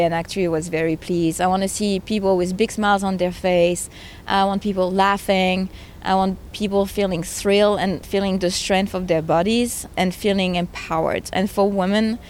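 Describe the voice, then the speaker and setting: A woman's voice: mid-range voice, darkish tone. A woman in her thirties, a game creator, talking earnestly and with conviction in a conversational interview. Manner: earnest and emotional, speaks with conviction. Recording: faint background noise.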